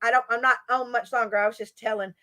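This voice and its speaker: A woman's voice: on the high side, fairly even intonation, fast talker, sharp tone, a little hiss or hum. A middle-aged woman, a teacher and livestream host, chatting casually with her viewers and laughing often. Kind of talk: casual live chat with viewers.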